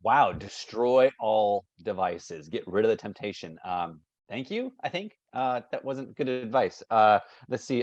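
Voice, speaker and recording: A man's voice: lowish voice, animated, normal speed, few pauses, a little mellow, no room sound, dull audio. A man running an improv game for a group, begging them for advice as an overdramatic person with an odd problem. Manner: pleading, playing an overdramatic advice-seeker. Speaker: improv instructor.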